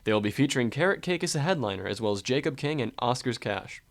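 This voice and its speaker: A young man presents the week's local news with a cheerful, announcer-like delivery. His voice sits in an ordinary middle pitch. He reads from a studio mic. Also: expressive, fast talker. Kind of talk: scripted radio news read.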